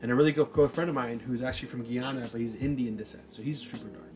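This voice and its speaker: A man in his forties, medium-pitched and fast, tells a story in casual conversation over soft background music. He's animated and profane, frequently checking in with "right?".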